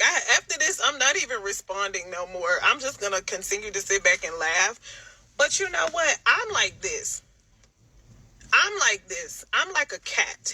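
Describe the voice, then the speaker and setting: A woman's voice: medium pitch, bright, forceful tone, slightly rough, no room sound, poor audio. A woman from the United States speaking in a teasing, giggly, playfully condescending way in a casual response video. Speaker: TikTok creator replying.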